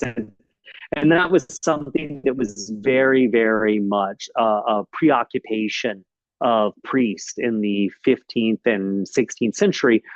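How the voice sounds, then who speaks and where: A man giving a casual author talk, telling his story in a lively way with frequent ums and uhs. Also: lowish voice, no echo. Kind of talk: casual presentation. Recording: slightly dull, dry recording.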